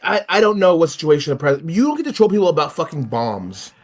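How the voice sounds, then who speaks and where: A man's voice: on the high side, fast. A man in casual conversation, ranting with lots of swearing and laughter. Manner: profane, animated ranting with laughs. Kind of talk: casual chat.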